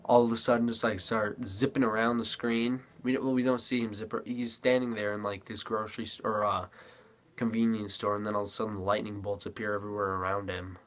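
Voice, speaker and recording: A man's voice: on the low side, little pitch movement, brisk. A man giving a casual spoken movie review, rambling, restarting sentences and acting out characters' lines.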